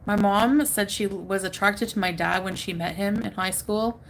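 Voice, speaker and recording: A woman's voice: mid-range voice, moderate pace, vocal fry, slight background noise. A woman hosting a casual live stream from home, rambling, chatting with viewers and laughing often.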